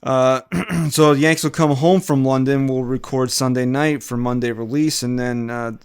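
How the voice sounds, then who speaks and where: Male sports podcast host, casual, filler-heavy, smooth tone. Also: mid-range voice, steady tone, moderate pace, no room sound, clean studio sound. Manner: rambling, filler-heavy wrap-up.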